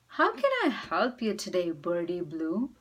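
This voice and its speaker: A woman's voice: fairly low pitch, sing-song, a little slow, a bit bright, pitched below the performer's own voice. A woman doing a teasing storybook raccoon. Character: dismissive male raccoon.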